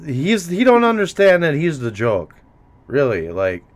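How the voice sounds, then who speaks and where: A man's voice: fairly high pitch, wildly swooping pitch, unhurried. A man hosting a casual profane chat show with a Minnesotan accent, rambling and laughing as he mocks others. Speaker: host.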